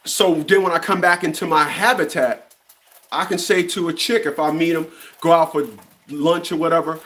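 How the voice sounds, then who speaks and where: A man's voice: fairly high pitch, steady tone, normal speed, fairly bright tone. A man in his fifties delivering a blunt, profane opinion rant, often stumbling and repeating words as he restarts. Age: 50s. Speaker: commentary channel host.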